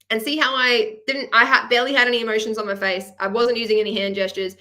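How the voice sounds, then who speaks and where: Speaking fast with hardly any pauses, an Australian woman uses a slightly high, bright and forceful voice. She runs an upbeat webcam masterclass for students, chatty and encouraging as she walks through examples.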